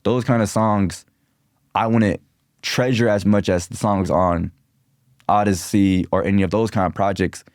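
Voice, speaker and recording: A young man from Minneapolis, a rapper guest on a podcast, talking in a relaxed, rambling way full of "like" and slang. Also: lowish voice, measured pace, no room sound, studio quality. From Minneapolis, USA. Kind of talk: casual podcast interview.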